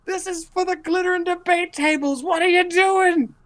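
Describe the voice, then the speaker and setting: A man voicing a cranky dwarf woman who scolds intruders in her laundry room, in a shrill raised voice. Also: steady tone, moderate pace, fairly bright tone, a little hiss or hum. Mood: indignant.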